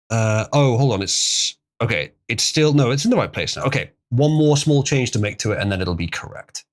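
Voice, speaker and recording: A man's voice: medium pitch, sing-song, moderate pace, hardly any pauses. A man hosting a casual livestream, chatting loosely with chuckles as he reads out viewer donations. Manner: rambling, chuckling, reading out donations. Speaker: livestream host.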